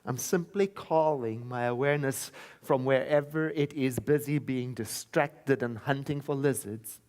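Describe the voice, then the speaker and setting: A man from South Africa preaching in a church, with a voice of middle pitch. He tells a personal story in a relaxed, conversational way. At times he slows down and drops into quiet, repeated affirmations. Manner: warm conversational storytelling that turns into slow, soft chanted affirmations. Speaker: minister. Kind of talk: sermon with storytelling. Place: church sanctuary.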